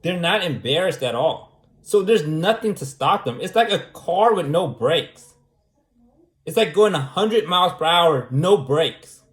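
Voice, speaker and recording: Guy going on and on, kinda high voice, keeps saying right?, roomy echo. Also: animated, unhurried. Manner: repetitive, argumentative, keeps asking "right?". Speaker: vlogger. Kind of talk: casual monologue. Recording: echoey room.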